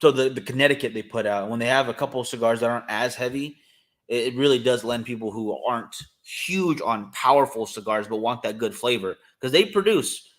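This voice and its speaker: A man's voice: mid-range voice, fairly quick. Rambling, enthusiastic podcast co-host man. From California. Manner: rambling, enthusiastic, many fillers. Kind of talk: casual chat.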